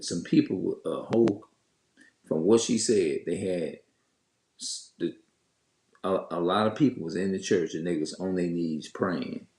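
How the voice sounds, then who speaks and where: A man's voice: low voice, darkish tone. A man telling viewers a story in a heated, cursing rant, stopping and restarting often. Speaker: vlogger. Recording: echoey room.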